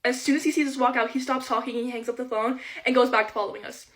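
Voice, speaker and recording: High-voiced teen girl, chatty storytime. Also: fast talker. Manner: chatty, animated retelling full of quoted dialogue. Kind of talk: casual storytime.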